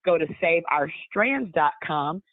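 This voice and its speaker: A woman's voice: on the low side, expressive, no room sound. Upbeat woman hosting over the phone. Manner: upbeat, brisk announcements. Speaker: host of a business call. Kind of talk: hosting a conference call. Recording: dry phone line.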